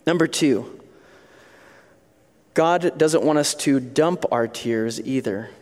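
A middle-aged man preaching a sermon as a pastor, animated, acting out little voices and scenes. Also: mid-range voice, slow, big-room sound.

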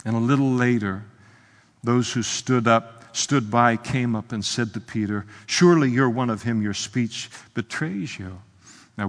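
A man preaching an expository sermon as pastor, impassioned, swinging from soft, low asides to loud, emphatic outbursts. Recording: long hall reverb.

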